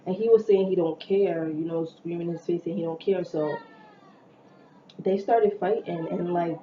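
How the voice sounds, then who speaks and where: A woman's voice: on the low side, moderate pace. Young woman telling a chatty storytime. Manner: chatty, animated retelling with slang and quoted dialogue. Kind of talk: casual storytime vlog. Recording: echoey, dull lo-fi room with faint noise.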